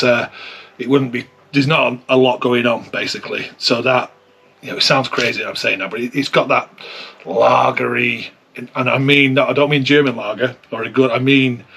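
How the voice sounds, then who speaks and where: A man's voice: mid-range voice, pushed and bright, husky. A man giving a casual beer tasting review, chatty and thinking aloud as he sips and compares.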